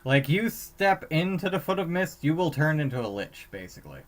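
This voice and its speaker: A man's voice: fairly high pitch, big pitch swings, brisk. A man acting as game master for a tabletop game over voice chat, teasing the players and stumbling over restarts. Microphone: computer mic on voice chat.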